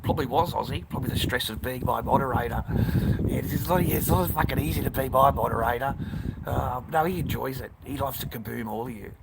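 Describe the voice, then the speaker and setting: A man's voice: medium pitch, brisk, gravelly. A man chatting casually on a live stream, blunt and rambling, swearing constantly. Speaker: livestreamer. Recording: noisy background hiss.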